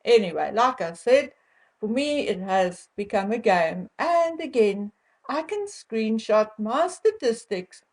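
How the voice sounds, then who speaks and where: A South African woman speaks to her viewers in a measured, wry monologue with a sharp edge of indignation. Her voice sits a little high, and she takes her time over each phrase. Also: sing-song. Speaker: royal-commentary vlogger.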